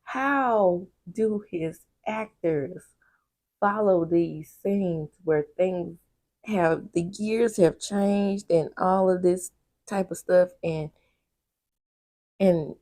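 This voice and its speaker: A woman's voice: fairly low pitch, mellow, no room sound, clean studio sound. A woman chatting candidly through a casual TV episode recap, with laughing asides and a sleepy air. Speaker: TV recap vlogger.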